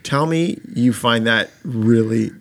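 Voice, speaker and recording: A young man co-hosting a podcast in casual chat, teasing and sarcastic, firing off quick questions. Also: mid-range voice. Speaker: podcast co-host.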